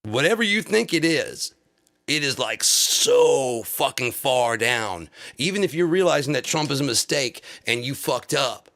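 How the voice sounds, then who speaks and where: A man's voice: mid-range voice, animated, unhurried, a bit bright. A man on a live stream delivering an angry, profane political rant full of insults.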